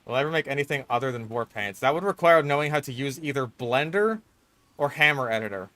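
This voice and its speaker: A young man talks over his gameplay at a middle pitch, swearing freely and venting his frustration. His voice sounds dry and close. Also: animated, fast talker, bright, forceful tone, no room sound. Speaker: gaming streamer. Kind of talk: casual gameplay commentary.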